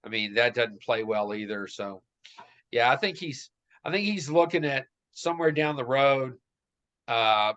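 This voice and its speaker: Bright-voiced man with bold opinions. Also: mid-range voice, muffled recording. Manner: opinionated, makes bold predictions. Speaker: podcast co-host. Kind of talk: casual political chat.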